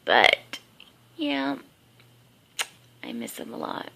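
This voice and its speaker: A woman's voice: on the low side, wildly swooping pitch, extremely slow, vocal fry, sharp tone. A woman telling a rambling story in a casual vlog at home, just woken up, with many fillers. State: just woke up. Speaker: vlogger. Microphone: handheld camera.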